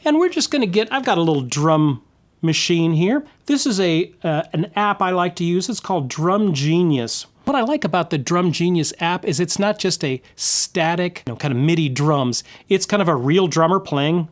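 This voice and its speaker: A man's voice: fairly high pitch, animated, moderate pace. A man giving an instructional guitar lesson, explaining patiently and counting and scatting rhythms aloud. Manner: friendly, explanatory, with restarts. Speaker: guitar teacher.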